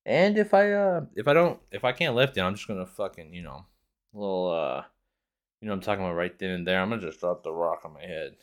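Low-pitched, expressive, and fast, a young man on his podcast delivers a casual, rambling rant full of sarcasm and lots of profanity.

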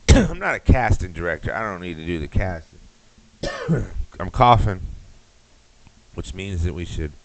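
A man's voice: low voice, big pitch swings, measured pace, pauses often, rough recording. A man hosting a podcast, ranting crudely and loosely as comedy. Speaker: podcast host. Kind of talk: comedic rant.

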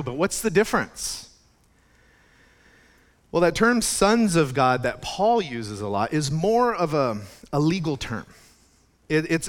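A male pastor gives a sermon in a relaxed, conversational way, often restarting his phrases and turning to the listeners with asides. His voice sits a little higher than most men's. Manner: conversational, chatty preaching with restarts.

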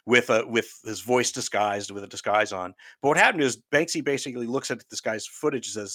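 A man's voice: medium pitch, lively intonation, quick pace, few pauses, a bit bright, dry recording. A man co-hosting a casual film podcast, talking in a rambling way with lots of fillers and restarts. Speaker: podcast co-host. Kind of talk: casual chat about films.

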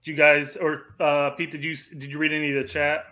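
A man's voice: fairly high pitch, little pitch movement, brisk, over a noisy crowd. A man co-hosting a casual podcast chat, hesitant and restarting his sentences, with frequent laughs. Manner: hesitant, repeats words, laughs often. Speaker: podcast co-host.

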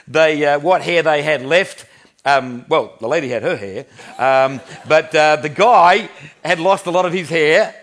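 His voice a little high, an Australian man in his fifties delivers a sermon as a pastor, easygoing and anecdotal, laughing softly and backing up to restart his sentences.

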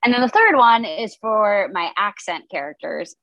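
A woman's voice: medium pitch, animated, moderate pace, a bit bright, dry recording, dull audio. A woman comedian being interviewed, chatting casually with lots of "like" fillers. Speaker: comedian guest.

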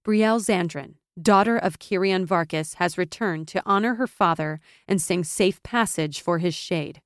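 A proud, commanding young noblewoman, as a woman narrator voices her who speaks with firm contempt. Her voice sits low, and the sound is close and dry. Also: moderate pace, dry recording, natural voice.

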